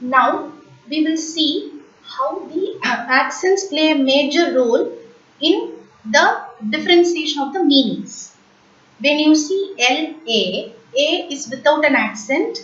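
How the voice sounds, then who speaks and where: A French teacher gives a language lesson in a high, slightly bright voice, going deliberately slowly and patiently repeating each word for learners. She's positioned far from the mic in a roomy, echoing space, and the recording sounds dull and lo-fi.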